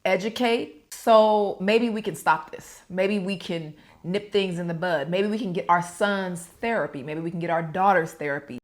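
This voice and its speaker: A woman's voice: on the low side, moderate pace, few pauses. A woman vlogger chatting casually with her viewers while she eats a meal on camera. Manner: chatty, talks straight to viewers. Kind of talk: casual mukbang chat.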